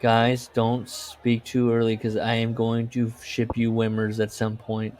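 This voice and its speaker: A man's voice: medium pitch, monotone, a little slow, a little mellow. Male podcast co-host, loose rambling anecdotes, frequent laughs, salty language. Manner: rambling storyteller, laughs often, swears. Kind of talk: casual chat.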